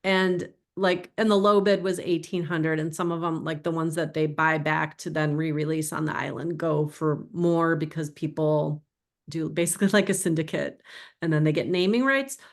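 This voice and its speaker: A woman's voice: deep voice, fairly even intonation, normal speed. Chatty middle-aged woman giving a book talk. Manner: chatty, digressive, warmly emotional storytelling. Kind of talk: informal presentation to an audience.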